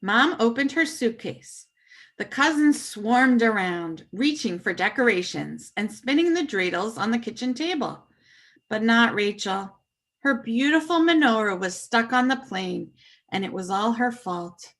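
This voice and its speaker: Animated woman reading a children's story. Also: a little high, a little slow.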